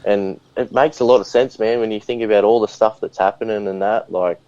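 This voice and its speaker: An Australian man chats as a podcast guest, laid-back and rambling, dropping "and that" at the end of his thoughts. His voice sits a little low. The sound is dull and lo-fi, as if it came through a remote call. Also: fairly even intonation, fairly quick, mellow, clean tone, dry recording. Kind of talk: casual chat.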